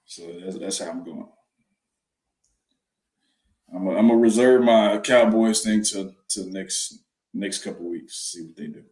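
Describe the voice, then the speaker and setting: A man's voice: deep voice, unhurried, pauses often, a little mellow. A man on a casual sports talk panel making brief, dry remarks about football. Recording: roomy echo.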